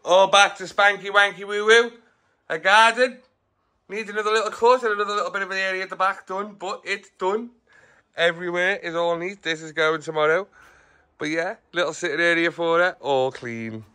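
Bright-voiced upbeat man. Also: on the high side, steady tone, moderate pace. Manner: upbeat, slangy, addresses viewers directly. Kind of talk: casual vlog walkthrough. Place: house being renovated, then walking outdoors.

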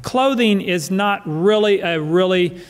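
A male pastor preaches a sermon in a church sanctuary, emphatic and fond of repeating his key phrases. His voice is high and his pace a little slow. Church hall reverb colors the recording.

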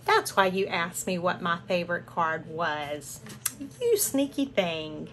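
The older crafting channel host from the southern U.S. speaks slowly in a lowish, expressive, slightly bright voice. Unboxing in her home craft room, she gushes with gasps and breathless exclamations. Background noise is audible in the home recording.

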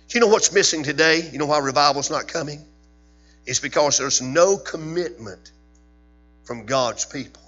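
A man preaching a fiery Sunday evening sermon from a church pulpit, high and piercing with a husky edge. He repeats his points and challenges the congregation with questions. The recording is dull and lo-fi, with a steady hum and faint music underneath. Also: moderate pace. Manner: fiery, rising to loud preaching peaks. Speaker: Baptist preacher. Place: church sanctuary.

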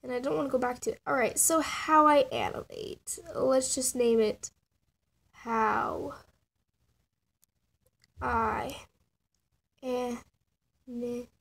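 A teenage girl with a fairly high, steady, gravelly and slightly bright voice takes it slowly, with long pauses. She casually narrates her animation process on her channel, rambling, laughing and making fun of her own drawings in a self-mocking tutorial.

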